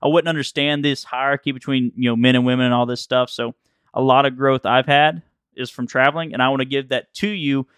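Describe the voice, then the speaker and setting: A young man with a drawl co-hosts a casual podcast, telling rambling stories and laughing often. His voice is smooth and clear, at a medium pitch. The sound is dry and close. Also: steady tone, brisk, a bit bright, no room sound. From Alabama, US. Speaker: podcast co-host. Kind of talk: casual chat.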